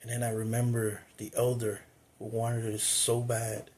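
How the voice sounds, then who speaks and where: A man's voice: medium pitch, completely flat delivery, measured pace, darkish tone, a little hiss or hum. A man who is a spiritual teacher, telling a personal story in a reflective way, with fillers and restarts.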